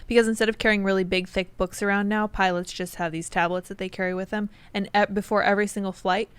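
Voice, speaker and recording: Woman, podcast guest, measured, smooth resonant voice. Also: medium pitch, steady tone, dry recording. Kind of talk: casual discussion.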